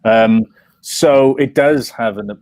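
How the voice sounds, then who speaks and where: A man's voice: medium pitch, takes it slowly, a little mellow, no room sound. A Welsh man, a comics writer, talking in an interview, rambling with many restarts and fillers. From Wales. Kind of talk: interview conversation.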